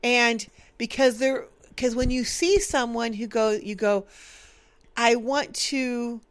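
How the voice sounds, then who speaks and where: A woman co-hosting a casual chat, talking in an animated way, laughing often and swinging quickly between loud and soft. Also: fairly high pitch. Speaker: podcast co-host.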